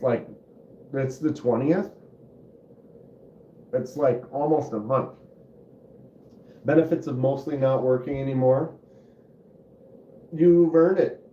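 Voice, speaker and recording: A man's voice: mid-range voice, mellow, slight background noise. A man hosting a casual live stream about knives, rambling at an easy pace with lots of fillers, recorded on a phone microphone. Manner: rambling, laid-back, many fillers. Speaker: knife channel host. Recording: muffled, roomy phone audio.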